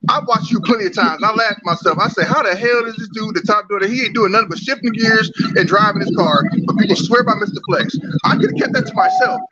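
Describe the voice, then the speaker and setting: A man's voice: high voice, very animated, fast, few pauses, crowd noise. A man on a livestream panel, talking in a heated, confrontational way and swearing freely. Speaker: panel guest. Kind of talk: casual livestream panel talk. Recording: muffled line with background noise.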